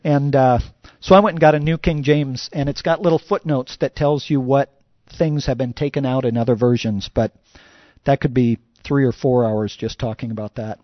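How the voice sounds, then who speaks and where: A man's voice: mid-range voice, steady tone, moderate pace, dry recording, lo-fi sound. A man preaching a sermon as a pastor, conversational and full of "you know" fillers.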